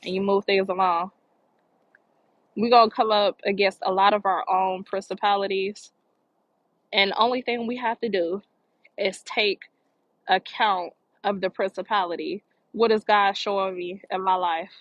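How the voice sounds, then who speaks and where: A woman's voice: medium pitch, steady tone, moderate pace, fairly bright tone, no room sound, highs cut off. A woman talking outdoors by the water in a park, giving earnest spiritual encouragement and repeating phrases for emphasis. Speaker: motivational vlogger. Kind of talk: spiritual motivational talk.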